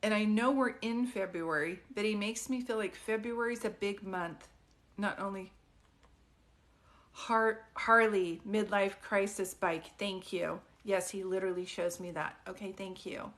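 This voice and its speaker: A woman working as a psychic medium on a live stream who talks softly and gently, keeps asking questions, and speaks in a casual, chatty way. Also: mid-range voice, unhurried. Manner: soft, consoling, often asks questions.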